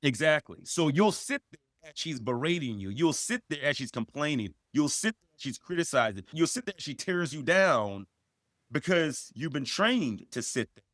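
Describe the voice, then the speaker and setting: A man's voice: fairly high pitch, very animated, normal speed, a bit bright, no room sound, clean studio sound. A man co-hosting a podcast, giving emphatic, repetitive advice that rises sharply when he stresses a point. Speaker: podcast co-host.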